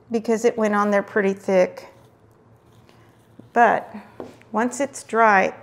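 A woman's voice: on the high side, steady tone, measured pace. A middle-aged woman hosting a casual crafting tutorial, chatting while she works and murmuring to herself at times. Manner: chatty, warm asides while working, drifts into murmurs. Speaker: craft video host.

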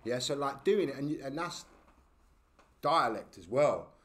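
A man, a podcast guest telling stories in casual talk, animated and full of slang and tag questions. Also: medium pitch, a little slow. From England. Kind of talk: casual storytelling.

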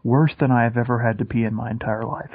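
A young man with a husky voice trading dry, deadpan jokes on a podcast. The sound is muffled and lo-fi. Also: medium pitch, fast, dry recording. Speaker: podcast co-host. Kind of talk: casual podcast chat. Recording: dull lo-fi podcast recording.

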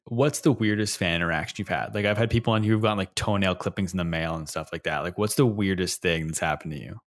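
A male podcast host asks his guest questions in a casual tone. His voice sits fairly low and his words come quickly. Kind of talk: interview questions.

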